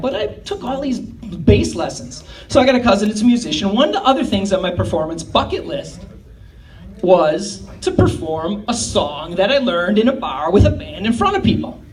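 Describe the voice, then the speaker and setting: A man's voice: sits high, sing-song, a little fast, darkish tone. A man in his fifties doing a rambling, crude, self-mocking stand-up comedy set. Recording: distant mic, noisy live room.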